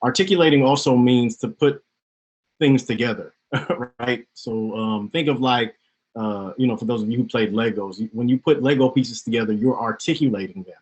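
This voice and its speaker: Husky-voiced male panel moderator. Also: mid-range voice, normal speed, dull audio. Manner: relaxed, explanatory, with many fillers. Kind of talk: online panel discussion. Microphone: video call.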